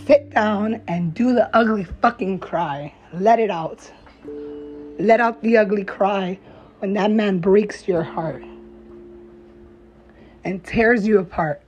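A young adult woman, a mom vlogger, speaks to camera in a mid-range, slightly mellow voice. Her monologue is heartfelt, blunt, profane and encouraging, with slow, emphatic phrasing, and the lo-fi recording sounds slightly dull with faint music in the background.

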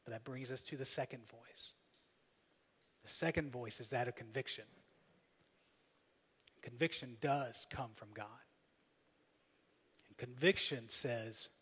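A man preaching a sermon as pastor, emphatic, swinging between loud appeals and soft, quiet asides. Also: medium pitch, measured pace, pauses often, slightly rough. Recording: long hall reverb.

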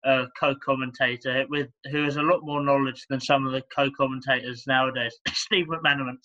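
A man's voice: medium pitch, steady tone, fairly quick, sharp tone. A young English man co-hosting a football podcast over a laptop call, hesitant and stumbling, laughing at himself. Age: young adult. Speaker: podcast co-host. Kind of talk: casual football podcast chat. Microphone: laptop on a video call. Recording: dull laptop call audio.

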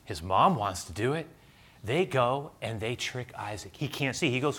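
A male pastor preaching a sermon, telling a scripture story with lively, acted-out energy. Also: mid-range voice, normal speed, breathy edge. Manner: animated storyteller, acting out the scripture.

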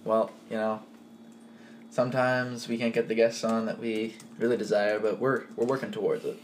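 A man co-hosting a podcast in casual chat, relaxed and joking, laughing often. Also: lowish voice, moderate pace, a little hiss or hum. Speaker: podcast co-host.

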